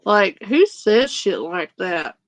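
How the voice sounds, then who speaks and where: A woman's voice: medium pitch, very animated, takes it slowly, no room sound, poor audio. A woman streamer giving casual reaction commentary to a clip, incredulous and swearing freely as she mimics what others said.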